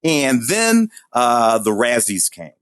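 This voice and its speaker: A man in his forties co-hosting a podcast, chatting casually about films in an animated way, with laughs and restarts. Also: mid-range voice, takes it slowly, clean tone, dry recording, studio quality. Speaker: podcast co-host. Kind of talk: casual review chat.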